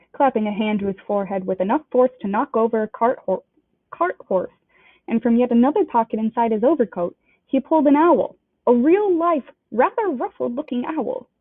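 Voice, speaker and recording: A woman reading a novel aloud with expressive storytelling narration. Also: a little high, slightly rough, no room sound. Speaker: storybook reader. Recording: dry, tinny phone-like sound.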